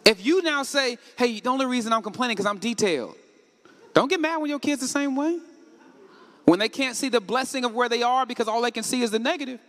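A man preaching a sermon, asking the congregation questions and rising to shouts. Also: extremely high pitch, fast talker. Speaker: pastor. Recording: echoey hall with long reverb.

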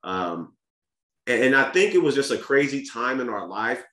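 Very animated at a normal speed, a man with a mid-range, fairly bright voice tells a candid family story as a podcast guest. His manner is earnest and casual with many restarts and repeated words, in a room with noticeable echo.

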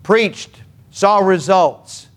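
A man from Minnesota preaching a sermon, telling stories earnestly and emphatically with dramatic pauses. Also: high-pitched. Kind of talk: sermon storytelling.

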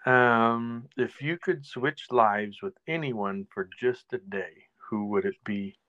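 A man's voice: medium pitch, slow, no room sound. A man co-hosting a casual podcast, hesitantly reading out a list of questions. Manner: hesitant, soft-spoken, reads out questions. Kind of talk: casual comedic chat. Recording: dull dry mic.

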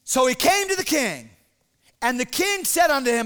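A male pastor preaches with lively drama and a conversational touch. His voice sits very high for a man and rings bright and forceful. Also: moderate pace. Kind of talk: sermon.

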